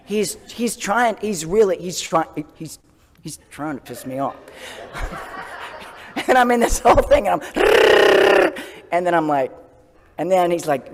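A man speaks as a Zen priest in a relaxed, conversational sermon, poking fun at himself and laughing often. His voice sits a little high, and he sometimes sinks to a soft whisper. A long reverb trails his words through the hall. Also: moderate pace, long pauses. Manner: self-deprecating, laughs often, drops to a soft whisper for self-talk. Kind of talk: casual sermon.

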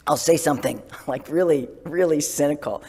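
A male Zen priest gives a casual sermon, self-deprecating and laughing often, sometimes dropping to a soft whisper for gentle self-talk. His voice is a little high and breathy, at a moderate pace, with a big-room sound.

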